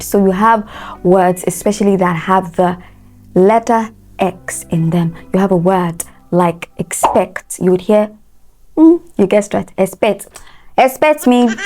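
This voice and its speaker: A woman's voice: fairly low pitch, darkish tone. A woman teaching English pronunciation. She spells words out letter by letter and repeats them, asking listeners to say them after her. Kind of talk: pronunciation lesson.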